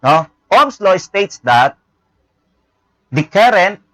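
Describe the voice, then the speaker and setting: A man's voice: sits high, sing-song, slow, a bit bright, no room sound, low-quality recording. Filipino teacher, man, leans on "no?" and "okay?", dry close sound. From Philippines. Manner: repeats words, tag questions "no?" and "okay?". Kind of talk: classroom lecture. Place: classroom.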